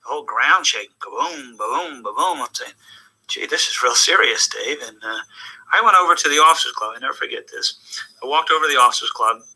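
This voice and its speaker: An older American man recounts his memories in an interview, with animated, joking delivery. His voice has a hard, forceful edge and sits at an ordinary pitch for a man. Now and then he sinks to a hushed tone before picking up again. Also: quick pace, breathy edge, rough recording. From United States. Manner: animated, jokey storyteller with sudden drops to a hushed tone. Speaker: interview guest. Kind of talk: conversational storytelling.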